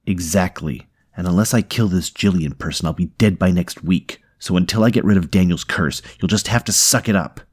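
A man voicing a tormented, short-tempered young man, speaking tensely and irritably, his voice pushed higher. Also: fairly quick, hardly any pauses, husky. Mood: tense, irritable.

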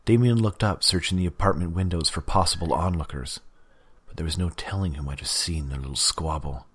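Deep, husky male audiobook narrator. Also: a little fast, fairly bright tone.

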